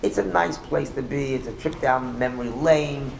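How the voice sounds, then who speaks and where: A man voicing a cheerful grown guest who enjoys the family dinner, speaking slowly and easily. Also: mid-range voice, creaky, background noise, natural voice. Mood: nostalgic.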